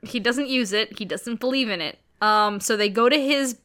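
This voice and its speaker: A woman co-hosting a podcast, rambling through a casual, animated movie recap with some swearing. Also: on the high side, normal speed, a crowd in the background. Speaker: podcast co-host.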